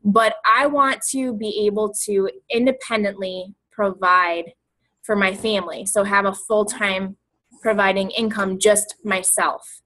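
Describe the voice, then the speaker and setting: A woman's voice: mid-range voice, steady tone, a little slow, pushed and bright, slight background noise, poor audio. A young woman coach talking casually and emotionally, rambling and repeating herself. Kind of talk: casual motivational talk.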